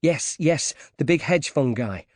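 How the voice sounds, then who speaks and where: An eager, breathless woman reporter, as a male reader puts her on in an audiobook. Her voice sits a little higher than plain narration and runs quick with excitement. The recording is dry and close. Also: dry recording. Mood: excited. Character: driven young female newspaper reporter.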